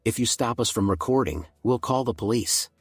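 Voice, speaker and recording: A man's voice: mid-range voice, lively intonation, normal speed, husky, no room sound. A man voicing a young woman reporter who earnestly protests and defends a student. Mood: defiant.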